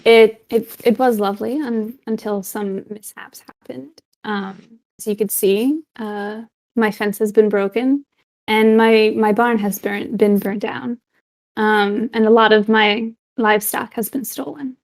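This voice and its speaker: A woman's voice: on the high side, steady tone, a little slow. A woman voicing a cheerful, polite young farm woman who speaks with hesitant fillers.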